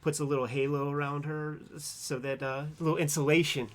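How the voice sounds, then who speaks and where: A man co-hosts a laid-back comics chat, gushing over the pages and laughing as he goes. His talk is loose and full of fillers. His voice sits a bit high for a man. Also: flat delivery, fairly quick. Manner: enthusiastic, laughing, filler-heavy. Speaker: co-host. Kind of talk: casual chat, comic commentary.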